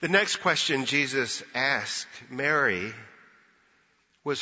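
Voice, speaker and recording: A man preaching in a church, his voice very bright and forceful, a touch higher than most. He tells the story earnestly and leans on pauses. The recording is dull and lo-fi, with a long hall reverb. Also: lively intonation. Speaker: pastor. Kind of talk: Easter sermon. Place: church sanctuary.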